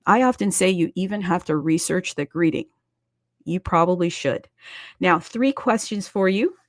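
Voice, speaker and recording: A woman's voice: fairly low pitch, animated, normal speed. A woman hosting a casual crypto show, chatty and playful, with singsong greetings and plenty of asides. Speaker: host.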